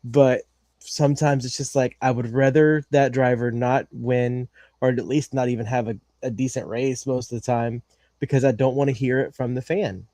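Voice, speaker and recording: A man's voice: medium pitch, steady tone, moderate pace, mellow, no echo. A man co-hosting a racing podcast, talking in a rambling way with many fillers and restarts. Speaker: podcast co-host. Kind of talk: casual chat.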